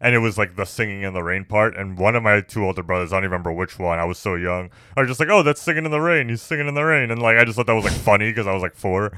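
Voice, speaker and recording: A man's voice: deep voice, fairly even intonation, racing, hardly any pauses, pushed and bright, smooth, no echo, studio quality. A man co-hosting a casual movie podcast, rambling with lots of restarts and fillers. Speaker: podcast co-host. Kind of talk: casual chat.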